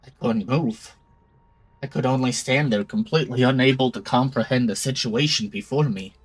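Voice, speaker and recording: A man's voice: medium pitch, normal speed, poor audio. A male streamer reading a visual novel aloud, narrating and reacting with startled questions.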